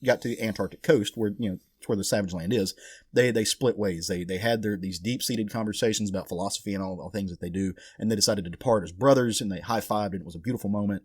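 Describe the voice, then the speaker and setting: A man's voice: fairly low pitch, fast, breathy edge, dry recording, clean studio sound. A man co-hosting a casual podcast, retelling a comic story with acted-out lines and swearing. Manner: animated storyteller, swears, acts out characters. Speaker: podcast co-host. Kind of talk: casual comic book chat.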